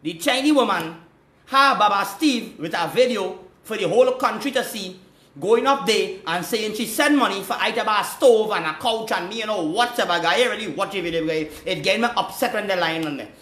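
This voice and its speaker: A man's voice: sits high, brisk, pushed and bright, echoey room. A man, hosting a live call-in stream, talking in an agitated, repetitive way. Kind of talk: casual live call-in chat.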